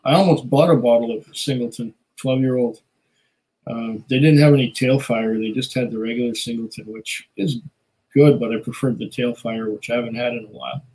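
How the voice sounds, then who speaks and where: A man's voice: mid-range voice, a little fast, mellow, poor audio. A man hosting a casual live stream, chatting loosely with many fillers and small laughs while reading viewer comments. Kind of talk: casual chat.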